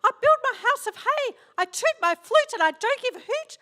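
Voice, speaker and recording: A woman volunteer in church voicing a carefree young male pig who plays all day, in a squeaky put-on voice. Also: lively intonation, moderate pace, sharp tone, full character voice. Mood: playful. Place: church stage.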